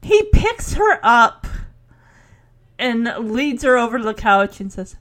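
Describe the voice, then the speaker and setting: Chatty woman recapping a show, kinda high voice, giggles a lot. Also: very animated, takes it slowly, fairly bright tone. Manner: chatty and giggly, laughs often. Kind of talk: casual recap chat.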